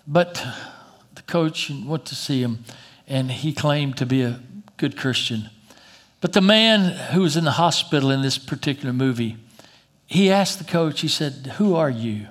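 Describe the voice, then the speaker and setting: A man preaching a sermon in a folksy, emphatic way, slowing down for dramatic pauses. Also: medium pitch.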